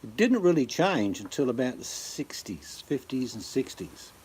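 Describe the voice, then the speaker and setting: A man's voice: medium pitch, very animated, normal speed, a little mellow, slightly rough. An older Australian man with an Australian accent, chatting casually on his channel in a rambling, jokey way. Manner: rambling, jokey, swaps into impressions. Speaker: channel host. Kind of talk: casual chat.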